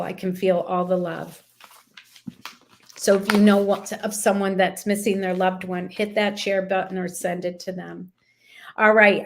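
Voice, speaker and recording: Woman reading angel cards live, talks real slow and gentle, reassuring. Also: mid-range voice, slight background noise. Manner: slow, soothing, affirming, speaks directly to viewers. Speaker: intuitive card reader.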